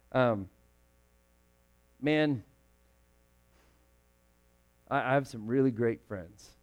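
A young man preaching a sermon to a room, moving between loud, emphatic lines and quiet, hushed ones. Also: medium pitch.

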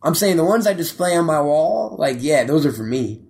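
A man's voice: fairly high pitch, big pitch swings, normal speed, vocal fry, a little mellow. A man hosting a podcast, chatting casually with a crude, joking, rambling manner. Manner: profane, joking, rambling with restarts. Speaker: podcast host.

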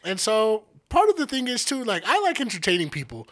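A man co-hosting a podcast, telling profane, animated stories in casual chat. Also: high-pitched, brisk. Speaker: podcast co-host.

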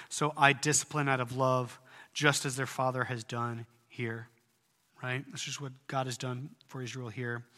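Bright-voiced preacher in a reverberant hall. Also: male voice, medium pitch. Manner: earnest, rises to loud emphatic peaks. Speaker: pastor. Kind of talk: sermon.

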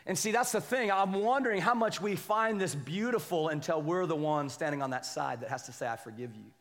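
High-voiced, animated pastor in a reverberant hall. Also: male voice, a little fast. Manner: animated, joking, keeps asking the crowd "right?" and "amen?". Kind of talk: conversational sermon.

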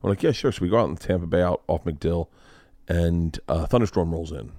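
A man's voice: sits low, a little fast, mellow, no room sound, clean studio sound. A man hosting a podcast, telling rambling, profane stories in casual chat. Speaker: podcast host.

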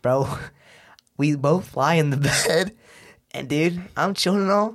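A young man recounts a messy night to a friend on a podcast, swearing freely and breaking into laughter. His voice sits a little high. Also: slow. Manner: animated, swearing, laughing often, slangy. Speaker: guest. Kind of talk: casual storytelling chat.

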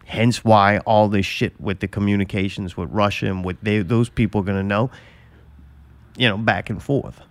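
A man's voice: on the low side, fairly even intonation, moderate pace, dry recording. Blunt, profane man talking casually. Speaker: podcast host. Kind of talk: casual chat.

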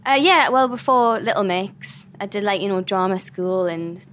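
A woman's voice: mid-range voice, moderate pace, a bit bright. A young woman from England with a Geordie accent, talking eagerly as a podcast guest. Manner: eager, enthusiastic. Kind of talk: casual chat.

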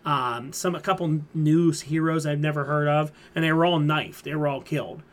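Podcast host, male, slightly high voice, rambling and filler-heavy recap style. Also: fairly even intonation, normal speed. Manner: rambling retelling full of fillers. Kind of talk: casual chat.

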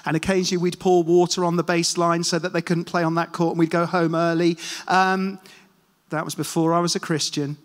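Chatty male preacher with a high voice. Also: level tone, fairly quick. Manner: chatty, self-deprecating storyteller, talks to the congregation. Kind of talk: casual sermon with anecdotes. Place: church hall. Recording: long hall reverb.

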